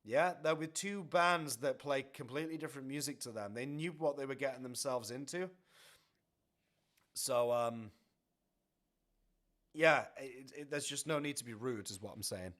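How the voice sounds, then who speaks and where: A man chatting casually as a music reaction streamer, rambling and excitable with lots of fillers and laughs. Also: medium pitch, normal speed, pauses often. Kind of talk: casual chat over album playback. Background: heavy metal music playing faintly.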